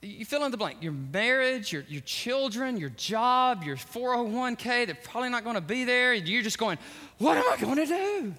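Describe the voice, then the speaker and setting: A man preaching a sermon from a church pulpit, animated and exclamatory, with joking personal asides. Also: very high voice, normal speed, hardly any pauses. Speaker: pastor. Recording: echoey church hall.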